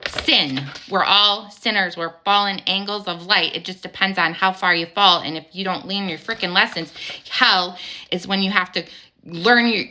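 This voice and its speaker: A woman's voice: mid-range voice, fairly even intonation, moderate pace, bright, forceful tone. A woman delivering an angry, emphatic spiritual monologue, firing rhetorical questions and swearing casually. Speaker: spiritual vlogger.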